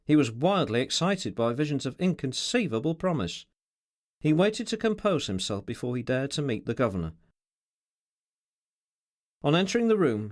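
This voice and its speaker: A man's voice: mid-range voice, dry recording, clean studio sound. A man reading an unabridged classic novel aloud as an audiobook narrator, telling the story expressively. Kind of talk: scripted narration.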